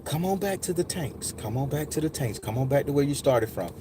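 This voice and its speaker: A man voicing a gentle, calm woman who guides a frightened child, speaking soothingly. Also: a little high, a little fast, noisy background, pitched above the performer's own voice, close to an everyday voice.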